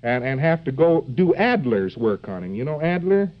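A man's voice: medium pitch, sing-song, moderate pace. A man giving a rambling, joking live lecture to an audience, full of fillers and asides like "see?". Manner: joking, digressive, many fillers and rhetorical asides. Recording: dull lo-fi old lecture recording.

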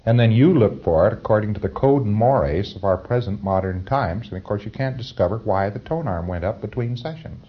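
Male lecturer, low voice, wry and conversational, lo-fi old tape. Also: animated, fairly quick, hardly any pauses, slightly rough. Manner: wry, conversational, with chuckles and mock dialogue. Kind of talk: recorded training lecture.

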